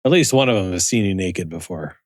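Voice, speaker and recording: A man co-hosting a comedy podcast, chiming in with halting, stammered corrections. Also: sits low, expressive. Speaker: podcast co-host. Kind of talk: casual comedic banter.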